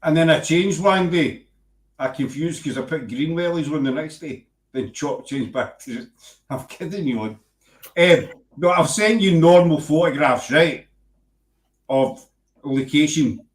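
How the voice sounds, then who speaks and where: A man's voice: on the high side, a little slow. Teasing Scottish man host, echoey room. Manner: teasing, joking, rambling. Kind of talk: casual banter on a web show.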